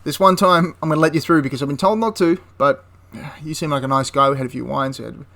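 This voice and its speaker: A man's voice: a little high, fast, creaky, fairly bright tone. A genial, easygoing Italian army officer, put on by a male storyteller in a spoken history tale. He sounds friendly and ready to give way, his voice lifted slightly above the narration. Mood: relenting. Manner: friendly and relenting.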